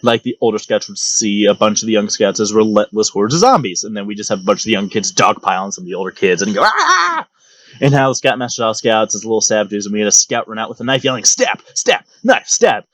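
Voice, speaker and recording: This storytelling channel host is a young man with a fairly low voice, spinning a funny monologue with sarcastic, mock-grand flair. His intonation stays fairly even as he moves quickly, barely pausing. The close, dry mic captures no room sound.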